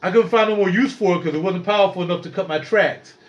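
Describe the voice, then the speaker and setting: Man, high voice, loose and jokey, vlogging a tour of his home studio gear. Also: fast, dull audio. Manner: loose, joking, rambling, addresses viewers as y'all. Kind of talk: casual vlog tour.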